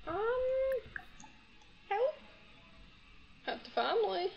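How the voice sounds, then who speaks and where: A woman's voice: high voice, lively intonation, unhurried, pauses often. A young woman commenting on her gameplay in a casual chat, gushing and cooing over a pet in baby talk. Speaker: gaming YouTuber. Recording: slightly dull audio with game music.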